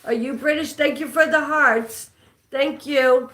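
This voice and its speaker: A woman's voice: high-pitched, steady tone, a little slow, a bit bright. A woman with a New York accent hosting a live trivia stream, chatting with viewers and reading their comments aloud. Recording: echoey room.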